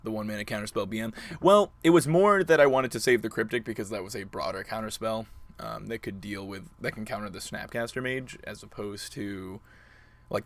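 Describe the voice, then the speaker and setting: A man's voice: lowish voice, gravelly, a bit bright. A man commentating his own card game on a live stream, playful and chatty with his opponent and viewers. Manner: playful, talks to opponent and chat.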